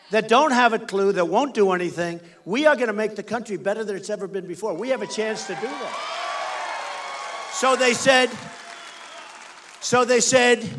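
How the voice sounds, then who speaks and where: A man's voice: sits high, fairly bright tone, slight background noise. An American man giving an emphatic, repetitive campaign rally speech as a political candidate on a stage microphone in a large indoor venue.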